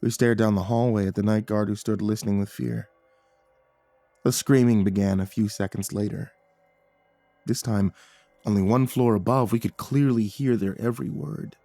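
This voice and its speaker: A man narrating a horror story in a hushed, grave manner. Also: fairly low pitch, fairly even intonation, normal speed, creaky, no echo, faint music behind.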